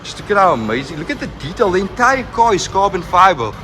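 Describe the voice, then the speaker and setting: A young man narrating a walkaround tour of a car showroom, full of excitement, repeating himself and leaning on "like" and "look at". He talks into a handheld camera mic indoors. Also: high-pitched, quick pace, a little hiss or hum. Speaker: car vlogger.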